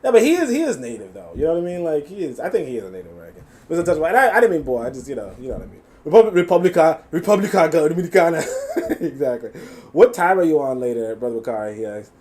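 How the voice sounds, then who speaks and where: A man's voice: mid-range voice, racing. A man hosting a live reaction stream, reading chat comments aloud and mocking what he hears, swearing and laughing as he goes. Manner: animated, mocking, swears freely, laughs often.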